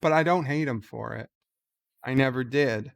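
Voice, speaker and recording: A man giving slow, halting casual commentary, reading out posts and answering them with many ums and uhs. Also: mid-range voice, creaky. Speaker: YouTuber reading and answering tweets.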